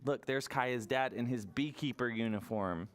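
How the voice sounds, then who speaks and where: A children's librarian reading a picture book aloud at preschool story time, expressive and asking the children questions. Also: mid-range voice, moderate pace, a little hiss or hum.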